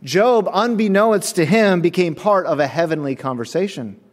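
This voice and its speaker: A man preaching a sermon, telling a personal story with emphatic, animated delivery. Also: high-pitched, normal speed, big-room sound. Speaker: pastor.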